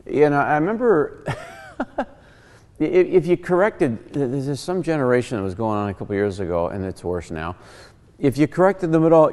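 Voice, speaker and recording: A man's voice: on the high side, normal speed, in a large hall. A man hosting a casual Bible teaching show, joking and acting out quotes as he explains. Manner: animated, joking, acts out quotes.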